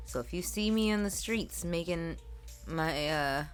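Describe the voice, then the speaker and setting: Low-pitched woman joking bluntly. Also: a little slow, faint music behind. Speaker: comedian and podcast co-host. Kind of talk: casual chat.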